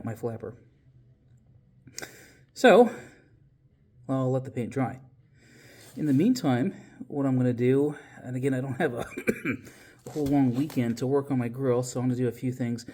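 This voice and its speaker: A car restoration vlogger gives a casual workshop walkthrough of his project, rambling along with frequent ums and the occasional curse. His middle-pitched voice is warm, though he sounds a bit winded from a recent illness.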